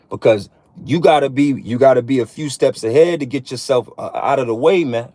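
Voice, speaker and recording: A man's voice: mid-range voice, animated, brisk, warm tone, no echo. Man, streetwise self-styled preacher, profane and repetitive, dry close sound. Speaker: online preacher addressing men. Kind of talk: casual preachy monologue.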